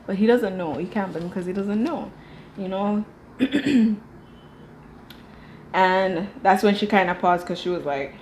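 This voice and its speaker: A woman giving casual reaction commentary on a reality TV episode, animated and jumping into quoted voices. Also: medium pitch, brisk, a little hiss or hum. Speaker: reality TV reviewer.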